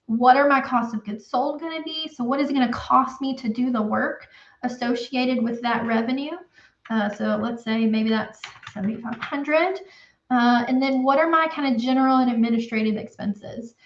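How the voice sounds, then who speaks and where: A woman's voice: a little high, normal speed. A woman with a Southern accent, an accountant chatting through a spreadsheet walkthrough on a livestream, explaining loosely with lots of fillers. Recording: roomy, slightly dull livestream audio.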